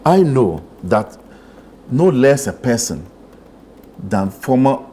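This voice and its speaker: A man's voice: medium pitch, very animated, slow pace, warm tone, slight background noise. A man, a member of parliament, arguing insistently in a TV studio panel debate. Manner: insistent, argumentative.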